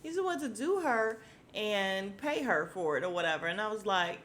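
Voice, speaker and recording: Animated slangy woman recapping a show. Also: medium pitch, moderate pace, slight background noise. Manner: animated, slangy, acts out characters' lines, laughs often. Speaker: podcast host recapping a TV episode. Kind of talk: casual episode recap.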